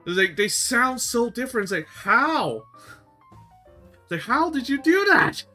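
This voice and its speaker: Bright-voiced enthusiastic male host. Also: very high-pitched, very animated, faint music behind. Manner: enthusiastic, halting, restarts a lot. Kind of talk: casual chat.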